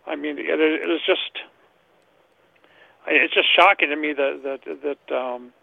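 A man calls in over a tinny, phone-like line, his voice gravelly with plenty of fry and sitting a little high for a man. He rambles, circling back and repeating words as he hunts for what to say next. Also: fairly even intonation, a little slow, no echo. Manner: rambling, repeats words while searching for them. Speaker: caller. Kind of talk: call-in talk radio.

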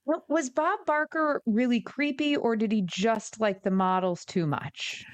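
A woman from the United States co-hosting a podcast in relaxed, casual chat. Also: fairly high pitch, a little slow, no echo. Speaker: podcast co-host.

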